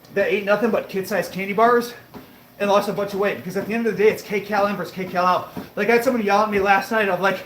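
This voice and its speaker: A man livestreaming while on a treadmill, chatting casually and answering viewer comments, a bit breathy as he talks between breaths. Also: high-pitched, fairly bright tone, reverberant, a little hiss or hum, rough recording. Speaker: fitness livestreamer.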